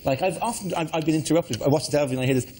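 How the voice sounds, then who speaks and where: Quick-talking man hosting a comedy panel. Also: on the high side, a little mellow. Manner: quick, stumbling anecdote-telling. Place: TV studio with live audience. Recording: studio audience noise behind.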